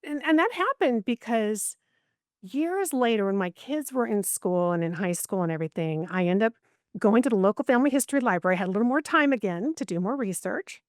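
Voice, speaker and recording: A woman's voice: on the high side, brisk, dry recording, studio quality. A middle-aged woman, a podcast guest and genealogist, telling a personal story in an interview and acting out the voices of the people in it. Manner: animated, acts out quoted voices.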